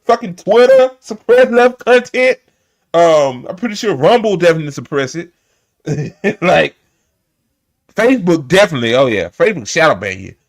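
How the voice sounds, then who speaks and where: A man on a live stream delivers a heated, profane rant, repeating himself for emphasis. His voice sits a little high for a man and swings widely up and down as he gets worked up. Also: big pitch swings, moderate pace. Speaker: live stream host reacting to a clip.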